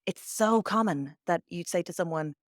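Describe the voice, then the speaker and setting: Lively Dublin woman telling stories. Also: on the low side, moderate pace, no echo, studio quality. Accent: Dublin Irish. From Ireland. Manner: animated storyteller, acts out quoted voices. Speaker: guest, Irish language teacher. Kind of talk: conversational interview. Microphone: remote call mic.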